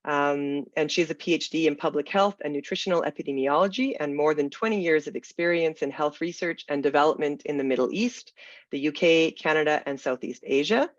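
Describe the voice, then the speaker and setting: A webinar moderator with a gravelly voice, irritated by smoky air, speaking in a halting, hedging way over a video call. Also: mid-range voice, no room sound. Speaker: panel moderator. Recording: dull, dry video call audio.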